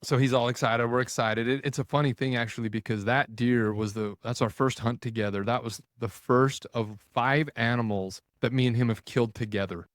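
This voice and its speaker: Man, podcast guest, casual storytelling, animated, acts out the scenes, middle pitch, dry close mic. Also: a little fast, few pauses, no echo. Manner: animated, retells scenes with quoted dialogue and filler "like".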